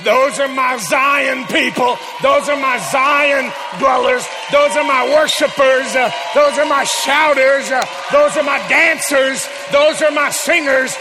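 A man voicing a genial, folksy Jesus who greets arrivals warmly, booming with excitement. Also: takes it slowly, long pauses, big-room sound, low-quality recording. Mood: exultant. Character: welcoming Jesus, genial and joyful.

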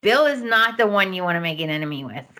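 A woman's voice: fairly low pitch, quick pace. A woman hosting a podcast, recapping a soap opera in casual chat and acting out the characters' lines as she goes. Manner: animated storytelling, acting out quotes.

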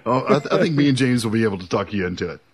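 A man's voice: on the low side, animated, racing. A middle-aged man co-hosting a podcast in casual banter, rambling and stammering through crude jokes. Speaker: podcast co-host.

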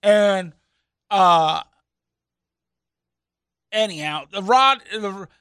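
A man, a fishing charter captain and show host, telling a story in a rambling, animated way that keeps circling back with "anyhow". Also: sits high, very slow, clear, resonant tone, no echo. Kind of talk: casual radio storytelling.

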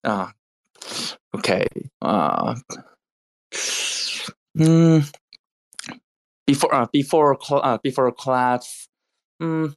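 A man speaking halting non-native English as a guest in an online chat, with many restarts and fillers. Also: medium pitch, expressive, creaky. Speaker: guest developer. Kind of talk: casual audio chat interview. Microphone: online audio chat room.

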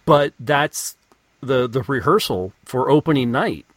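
A laid-back man co-hosts a podcast and sums up a film's plot. He speaks in a relaxed way, with restarts and repeated words. His pitch is middling, and the sound is dry and close. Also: a little slow, husky, no room sound. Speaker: podcast co-host. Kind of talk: casual film review chat.

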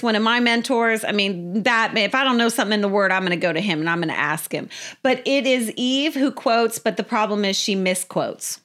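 A woman giving a casual, animated Bible teaching who often repeats her phrases. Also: mid-range voice.

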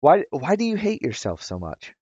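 A man chatting casually as a podcast co-host, teasing the others with quick quips. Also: on the high side, huge pitch swings, a little mellow, breathy edge, no room sound, lo-fi sound. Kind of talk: casual chat.

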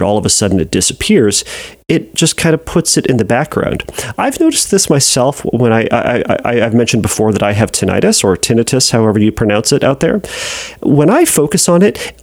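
A man's voice: medium pitch, darkish tone, dry recording. A man hosting an advice podcast, talking in a thoughtful way with frequent restarts, a bit congested and nasal. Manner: thoughtful, repeats and restarts while explaining. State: congested, nasal from sinus trouble. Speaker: podcast host and therapist. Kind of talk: advice podcast, answering a listener.

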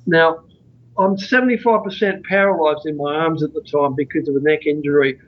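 Husky high-voiced man telling a long story. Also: fairly quick. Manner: rambling, earnest anecdote telling. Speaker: guest, author on out-of-body experiences. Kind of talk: storytelling in a podcast interview. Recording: dull lo-fi recording.

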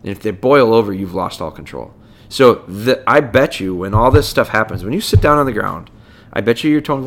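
A man's voice: medium pitch, lively intonation, quick pace. A man hosting a podcast as a dog trainer, explaining things in a casual, conversational way and breaking points down step by step.

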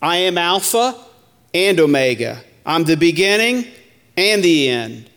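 A man's voice: on the high side, very animated, unhurried, fairly bright tone, in a large hall. A man teaching a Bible study in sermon style, reading scripture aloud and repeating key lines to the church.

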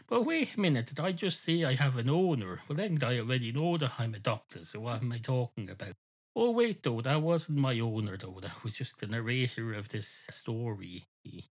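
Comic monologue: man doing a ranting, self-interrupting, sweary male dog, mid-pitched. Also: natural voice. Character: indignant talking male dog, ranting and aggrieved.

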